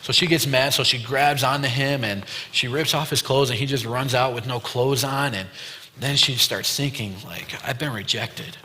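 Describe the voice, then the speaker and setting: A man's voice: mid-range voice, moderate pace, pushed and bright. A young man giving a casual youth sermon, retelling a story with loose quoted dialogue and lots of fillers. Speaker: youth pastor. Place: church youth room. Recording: long hall reverb.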